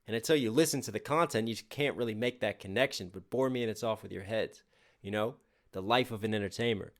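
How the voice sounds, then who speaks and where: A man's voice: lowish voice, fast. A man hosting a music reaction channel, chatting casually and eagerly picking apart the lyrics as he thinks aloud.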